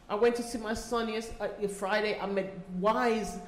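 The echoey meeting room carries the medium-pitched voice of a middle-aged woman volunteering at a community gathering. Her intonation stays fairly even and her pace moderate, with few pauses, as she delivers a pleading, repetitive, emotional testimony about her own life.

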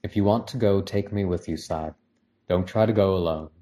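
A man voicing a soft-spoken grieving wife. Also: low voice, moderate pace, natural voice. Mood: quiet. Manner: soft, hesitant.

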